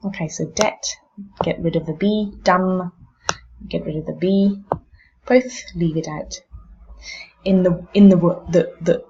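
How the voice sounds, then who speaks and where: Woman, teacher, pronunciation lesson, deliberate demonstrations, muffled recording. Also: on the low side, steady tone, mellow. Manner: slow, deliberate demonstration of word stress. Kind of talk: pronunciation exam tips lesson.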